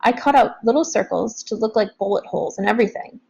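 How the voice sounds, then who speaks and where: A woman playing a loud bossy little girl. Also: on the high side, fast, vocal fry, slightly rough, highs cut off.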